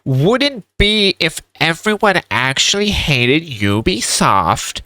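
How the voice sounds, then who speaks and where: A man's voice: fairly high pitch, sing-song, slow pace, sharp tone, no echo, pitched above the performer's own voice, full character voice. A man putting on the voice of a nerdy, condescending male game developer. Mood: smug. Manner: condescending, nasal nerd voice.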